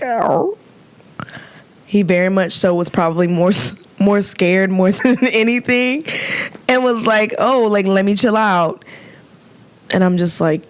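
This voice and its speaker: A young nurse tells her story casually and with plenty of energy, laughing often and putting on voices for the people she quotes. Her voice sits low for a woman. The recording is dry and close, with no room sound. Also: darkish tone, no echo. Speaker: nurse and podcast host.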